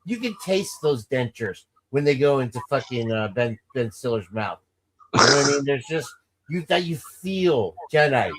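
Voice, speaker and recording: A man with a mid-range, animated voice talks at normal speed over a noisy background, hosting a casual show. He rambles and jokes with his co-host about movies, shouting out quoted film lines in a loose, bantering way.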